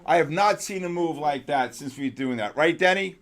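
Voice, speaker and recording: A man hosting a live trading stream, talking excitedly and chatting with viewers as he goes over the markets. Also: fairly high pitch, normal speed. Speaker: host.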